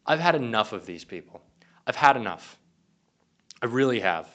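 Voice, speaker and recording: A man's voice: medium pitch, very animated, normal speed, long pauses, a bit bright. A young man delivering an angry, profane political commentary rant. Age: young adult.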